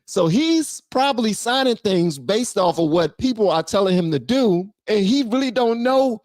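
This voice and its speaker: Excitable streamer reacting, dry close mic. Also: medium pitch, normal speed, hardly any pauses, dry recording. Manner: excitable, slangy, breaks off to react. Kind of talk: casual reaction commentary.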